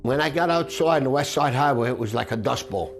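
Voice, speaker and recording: A man's voice: mid-range voice, fast, gravelly. A man who is a firefighter recounting events in an interview, telling the story vividly and acting out the voices he heard. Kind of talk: interview testimony. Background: music.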